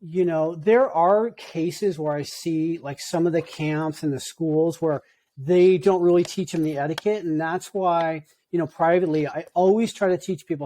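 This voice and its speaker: Surf coach, fifties, easygoing man; high-pitched, warm and relaxed. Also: moderate pace. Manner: laid-back, easygoing surfer talk. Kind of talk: casual podcast chat.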